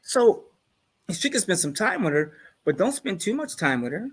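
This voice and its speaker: A man's voice: sits high, sing-song, moderate pace, fairly bright tone, breathy edge. Man guest, easygoing storyteller, boastful, chuckles at his own lines. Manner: laid-back, boastful, laughs at his own jokes. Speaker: guest on a live discussion show. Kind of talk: casual chat, storytelling.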